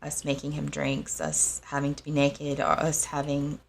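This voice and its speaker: A young adult woman telling a personal story in a halting, soft-spoken way, with frequent pauses. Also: deep voice, completely flat delivery, gravelly, slight background noise. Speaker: host.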